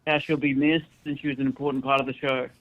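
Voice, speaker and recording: A man's voice: mid-range voice, flat delivery, fast, crowd noise. A man from Australia with an Australian accent, calling in to a talk show, polite and easygoing. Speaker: caller. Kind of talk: phone call chat. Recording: tinny phone line with faint music.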